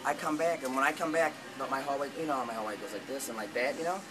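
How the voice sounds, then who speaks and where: A man telling a long story in casual, rambling talk, with lots of swearing and animated retellings of what people said. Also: medium pitch, rapid-fire, over music, poor audio.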